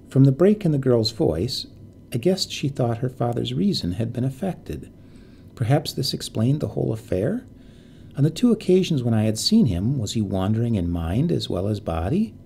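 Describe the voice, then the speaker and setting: A man narrating a quiet, creepy story in a measured, quietly suspenseful way. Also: mid-range voice, sing-song, vocal fry, a little hiss or hum.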